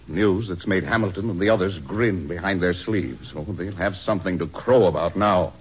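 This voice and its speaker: A man's voice: low voice, normal speed, slightly rough. A man playing a doubtful, weary president in a vintage radio drama. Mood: bitter. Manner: brooding, doubtful. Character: troubled, weary president, middle-aged. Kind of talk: 1940s radio acting. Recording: dull old radio recording.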